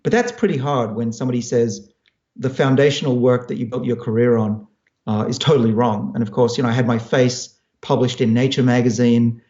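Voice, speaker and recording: Speaking a little fast in a steady, darkish mid-range voice, a scientist guest in his fifties from Australia explains his work and responds to audience questions. He is thoughtful and explanatory with frequent restarts, and his Australian accent has American-sounding turns. The room is echoey and the audio dull.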